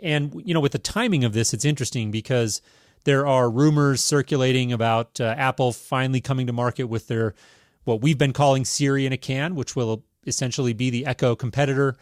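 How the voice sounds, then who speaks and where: Man, podcast host, measured casual tech talk, dry close sound, mid pitch. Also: steady tone, dry recording. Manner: measured, reads news items then riffs.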